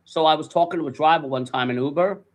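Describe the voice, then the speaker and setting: A man's voice: on the high side, rough recording. A man in casual chat, telling rambling stories full of swearing. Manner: rambling, profane storytelling; fast, animated.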